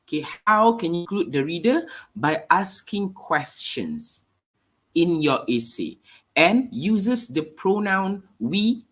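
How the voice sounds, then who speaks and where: A man's voice: sits high, big pitch swings, slow, a bit bright. A man with a nasal, under-the-weather voice, teaching a live online writing lesson with hesitant fillers. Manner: hesitant, many fillers, explanatory. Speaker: English teacher.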